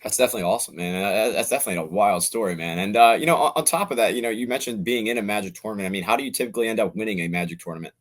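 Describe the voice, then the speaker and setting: Fast-talking male interviewer. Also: fairly low pitch. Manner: fast, repeats "man" at line ends. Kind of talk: casual interview questions.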